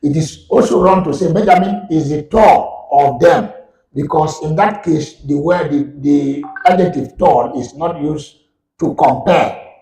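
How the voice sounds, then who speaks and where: A man's voice: fairly high pitch, mellow, far from the mic. Male lecturer with a Nigerian accent, methodical and repetitive, a little away from the mic. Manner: slow, repetitive explaining. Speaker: university lecturer. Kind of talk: live online lecture on English grammar. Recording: echoey room, voice off-mic.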